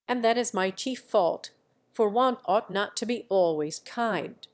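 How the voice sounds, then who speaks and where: A woman's voice: mid-range voice, unhurried, lightly acted. A woman reading the part of an impulsive older noblewoman and mother, abrupt and commanding in manner. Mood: brusque.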